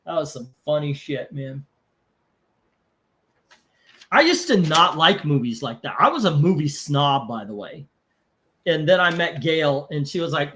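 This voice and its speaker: A rather high-pitched man running a live comic auction. He rambles between bids, swears casually and laughs through his stories. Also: very animated, a little slow, long pauses, bright, forceful tone. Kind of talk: casual live-stream chat.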